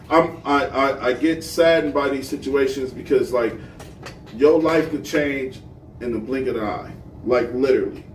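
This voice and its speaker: A man co-hosting a casual podcast chat, telling stories in an animated way and swearing freely. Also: on the high side, recorded from a distance. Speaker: podcast co-host. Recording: roomy echo, off-mic, faint hiss.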